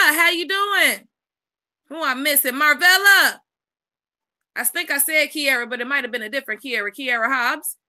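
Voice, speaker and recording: A woman co-hosts a casual live stream. She rattles off viewers' names in quick greetings. Her voice sits very high and rings sharply bright. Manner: rapid-fire greetings of viewers by name. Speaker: co-host doing the roll call.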